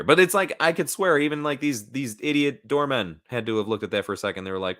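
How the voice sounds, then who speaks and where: A man's voice: mid-range voice, fast, few pauses, a bit bright. A man hosting a casual live stream, rambling loosely, swearing now and then and reading out chat comments, into a new microphone at home. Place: at home, in front of a laptop.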